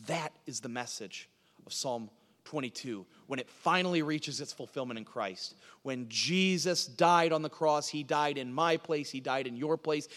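A pastor preaching a sermon, swinging from hushed lines to loud, urgent passages. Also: male voice, fairly high pitch, normal speed, big-room sound.

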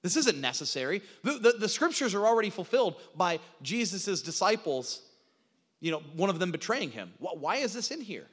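A man preaching a sermon, animated, acting out quoted lines, with frequent restarts. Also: sits high, a little fast, husky. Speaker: pastor. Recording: reverberant hall sound.

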